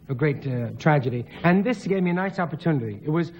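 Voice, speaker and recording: Excitable man with a high voice, guest on a talk show, rambling comic storyteller. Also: quick pace, highs cut off, slight background noise. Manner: rambling, excitable, laughs often, acts out voices.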